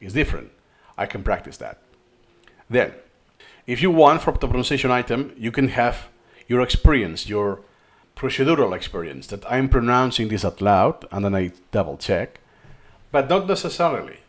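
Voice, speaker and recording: Spanish accented guy doing a screen tutorial, thinks out loud, repeats himself a lot. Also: mid-range voice, sing-song, moderate pace. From Spain. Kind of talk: screen-recorded tutorial talk.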